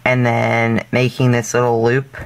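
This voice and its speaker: A man of ordinary pitch walks through a craft project step by step, in a loose, casual way. He rambles, corrects himself mid-sentence and leans on fillers. Now and then he slips in a goofy, self-deprecating joke. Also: monotone, measured pace, vocal fry. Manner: jokey and self-deprecating asides. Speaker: craft tutorial host.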